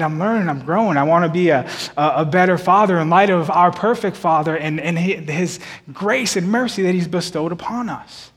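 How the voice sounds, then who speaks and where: A preacher in his thirties delivers a sermon in a church, speaking loosely and conversationally while repeating words and phrases. His voice is set a little high and slightly rough, and a long reverb rings off the hall walls.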